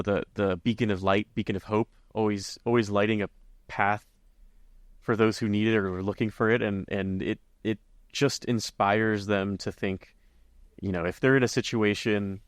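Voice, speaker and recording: A man co-hosting a casual roundtable podcast, talking in a relaxed, rambling way and laughing often. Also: on the low side, clean tone, dry recording, studio quality. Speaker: podcast co-host.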